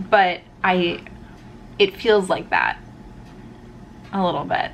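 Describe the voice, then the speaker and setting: A woman talks straight to her camera in a loose, rambling way, full of fillers and restarts. She sounds tearful and worn out after a stressful exam, her voice sitting at an ordinary middle pitch. A faint hiss of noise runs underneath. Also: unhurried, gravelly, long pauses. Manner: rambling, emotional, with many fillers. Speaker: vlogger. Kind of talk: casual talk to camera.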